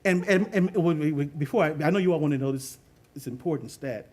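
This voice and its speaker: Man, middle-aged, high voice, youth football coach, animated storytelling, laughs often. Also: quick pace. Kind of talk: storytelling talk on leadership.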